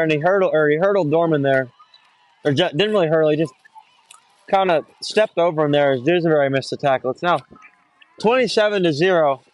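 A young guy calls a high school football game outdoors, rambling casually into his phone, often correcting himself and getting worked up on big runs. He talks a little fast.

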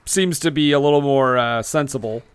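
A man's voice: medium pitch, fairly quick, smooth, no echo. Dry-voiced man with wry laughs. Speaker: podcast co-host. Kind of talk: casual movie commentary chat.

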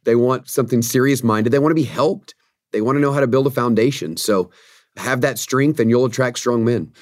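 A man who is a pastor and author speaks as a guest in a podcast interview, earnest and preacherly and emphatic about conviction. His mid-range voice moves briskly in a dry, clean studio recording.

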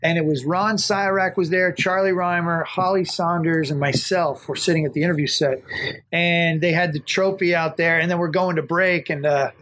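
A man telling stories as a guest in a casual interview, animated and acting out quotes with laughs. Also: fairly high pitch, moderate pace, slight background noise, poor audio. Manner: animated storyteller, acts out quotes with shouts and laughs. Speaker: guest, golf TV host.

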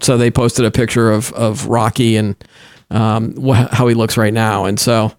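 A man's voice: medium pitch, fairly even intonation, unhurried, smooth. A middle-aged man co-hosting a podcast in casual tech chat, rambling with many restarts and fillers. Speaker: podcast co-host.

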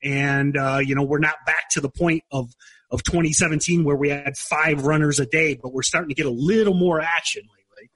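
A husky-voiced middle-aged man sits in as co-host of a chatty podcast. His voice sits a little high for a man, and he rambles, circling back and repeating words as he works out his thought. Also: steady tone, fairly quick, a bit bright. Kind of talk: casual chat.

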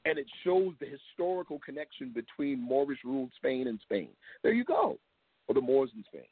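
A man's voice: medium pitch, big pitch swings, moderate pace, breathy edge, no room sound. A man talking as a guest on a call-in show, emphatic and telling stories with acted-out quotes. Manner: emphatic, acts out quotes, laughs often. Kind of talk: animated storytelling talk. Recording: thin phone-like line.

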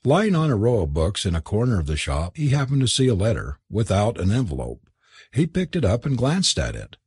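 A man's voice: on the low side, wildly swooping pitch, a little fast, darkish tone, husky, no room sound, studio quality. A man narrating an audiobook, telling the story expressively and switching into voices for the characters.

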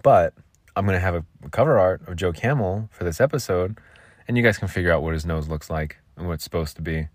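Brief: male podcast host, lowish voice, dry close sound, loose jokey rambling delivery. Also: brisk, dry recording. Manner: goofy, rambling, jokey asides. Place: makeshift home vocal booth.

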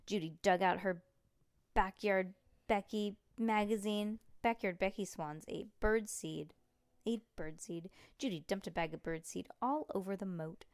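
A woman's voice: mid-range voice, a little slow, dry recording, clean studio sound. A woman reading a children's book aloud to a child, playful and breaking off to chat about the story. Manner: playful, chats between passages.

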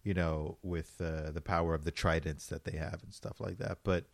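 A man chatting casually about a movie, talking slowly and laughing often. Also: extremely low pitch, steady tone, no room sound. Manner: slow, drawn-out, laughs a lot. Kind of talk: casual podcast movie chat.

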